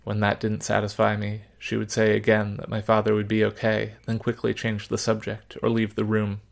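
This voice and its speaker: A man narrating a story in the first person, measured, subdued and reflective. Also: lowish voice, monotone, creaky.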